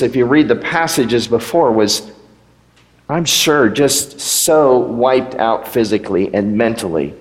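A man preaching a sermon as pastor, in a conversational way with rhetorical questions. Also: medium pitch. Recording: echoey hall with long reverb.

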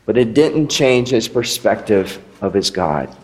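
A man preaching a sermon as pastor, animated, with rising emphasis and rhetorical questions. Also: on the low side, measured pace. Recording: echoey hall.

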